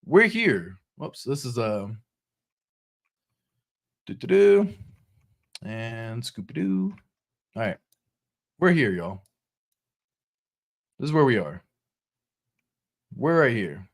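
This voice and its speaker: A man hosting a casual crypto show, talking over charts in an excitable, slangy way. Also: medium pitch, slow pace, long pauses, breathy edge. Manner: excitable, chatty, slangy, laughs often. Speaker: crypto channel host.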